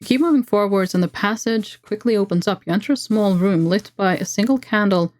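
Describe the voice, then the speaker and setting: A woman's voice: mid-range voice, darkish tone. Playful woman streamer reading a game. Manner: playful, muttering asides, reads narration briskly. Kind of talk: reading a text adventure game aloud with commentary.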